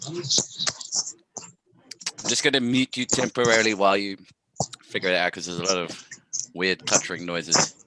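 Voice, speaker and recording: An English man hosting a casual video-call chat, swearing freely and talking in animated bursts. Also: sits low, normal speed, long pauses, slight background noise. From England. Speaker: podcast host.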